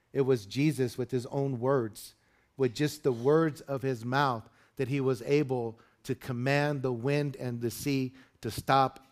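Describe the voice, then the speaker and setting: A man preaching a sermon to his congregation in an earnest, expressive way. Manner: earnest preaching, rising loud and high when dramatizing the disciples. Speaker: pastor.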